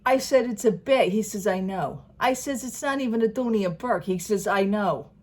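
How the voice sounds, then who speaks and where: A woman's voice: medium pitch, moderate pace, darkish tone. Chatty New woman telling a story. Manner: chatty storyteller, acts out dialogue, laughs often. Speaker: vlogger. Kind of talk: casual chat to camera.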